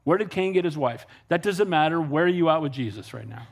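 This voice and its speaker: A man's voice: on the high side, expressive, brisk. A male pastor preaching a sermon, emphatic and conversational, asking the congregation "Amen?" and acting out exchanges with unbelievers. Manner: emphatic preaching with rhetorical questions and calls of "Amen?"; conversational, acts out dialogue with people he has spoken to.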